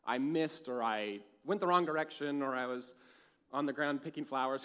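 A young man preaching a sermon in a church, telling a lively personal story and laughing at his own jokes. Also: mid-range voice, normal speed, smooth. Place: church with a live audience.

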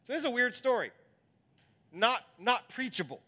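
Male pastor, sermon, conversational bible teaching, high voice, bright tone. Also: big pitch swings, moderate pace.

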